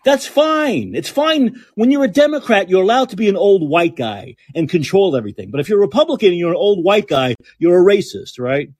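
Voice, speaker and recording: Talking quickly with few pauses, a man with a high, darkish, very animated voice launches into a political rant on his podcast. He is enraged, sarcastic, and swears a lot.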